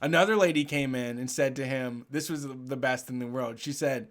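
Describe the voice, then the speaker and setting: A man hosting a casual talk show, telling a story with animated energy and frequent swearing. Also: medium pitch, normal speed. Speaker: show host. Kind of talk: casual chat.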